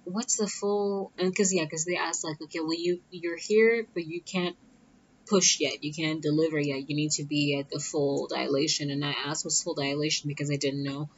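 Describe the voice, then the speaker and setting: A young woman casually telling a personal story, chatty and acting out what others said in a raised voice. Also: a bit bright. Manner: chatty, acts out quoted voices higher. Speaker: vlogger telling a birth story. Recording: dull lo-fi sound.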